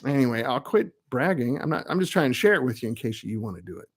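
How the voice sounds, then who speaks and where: A middle-aged man who builds amps talks fast in a sing-song, slightly rough mid-range voice. It's casual live-stream chat on the web show he hosts, full of rambling and self-mocking asides.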